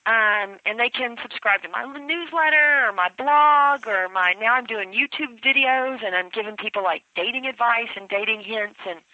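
A bright, forceful-sounding woman with a Southern accent chats as a radio guest, rambling and filling her talk with "you know". Her voice sits a bit high, and it comes through a dry, slightly dull phone line. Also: normal speed, few pauses, no echo. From Memphis, USA. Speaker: radio show host and matchmaker, guest. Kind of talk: casual radio interview.

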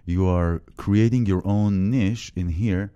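A man's voice: low-pitched, takes it slowly, mellow, smooth, dull audio. A man hosting an interview, listening with short replies and then offering thoughtful reflections. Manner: reflective, gives frequent short backchannels. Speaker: interviewer, host. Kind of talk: casual interview.

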